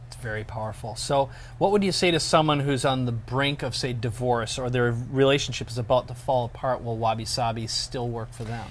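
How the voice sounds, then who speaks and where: A man's voice: medium pitch, brisk, hardly any pauses, a little hiss or hum. A man hosting an interview, encouraging his guest and prompting her with questions. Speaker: interviewer and host. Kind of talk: conversational interview.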